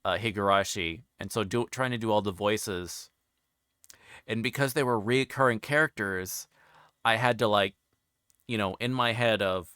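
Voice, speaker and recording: Guy hosting a stream chat, kinda low but bright and crisp, rambles on and on, dry close mic. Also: normal speed, no room sound. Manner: rambling, meandering explanations. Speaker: interview show host. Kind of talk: casual chat on a livestream.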